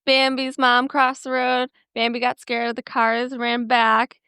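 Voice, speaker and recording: Bright, smooth-voiced woman co-host. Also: a little high, completely flat delivery, a little slow, no room sound. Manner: easygoing, rambling with many fillers. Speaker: podcast co-host. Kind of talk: casual chat.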